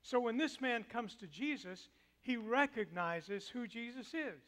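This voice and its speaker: A male preacher giving a dramatic sermon in a church sanctuary, swinging between loud declaiming and a soft hush. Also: very high voice, animated, a little slow.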